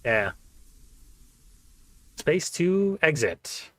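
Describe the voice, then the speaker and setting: A man's voice: a little high, sing-song, extremely slow, fairly bright tone, dry recording. A man hosting a let's play, giving casual, wry commentary and laughing often.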